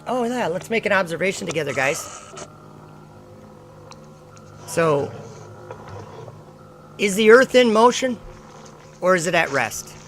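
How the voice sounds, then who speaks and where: A man's voice: sits high, expressive, takes it slowly, long pauses, a bit bright, slight background noise. A man hosting a casual livestream, reading viewer comments aloud and mocking and lecturing the people who wrote them. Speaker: livestream host.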